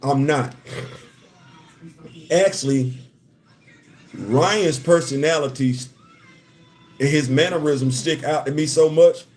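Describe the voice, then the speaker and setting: A man's voice: a little high, takes it slowly, long pauses, darkish tone. A man in his fifties hosting a casual live stream, laughing often, restarting sentences and turning heartfelt. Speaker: livestream host.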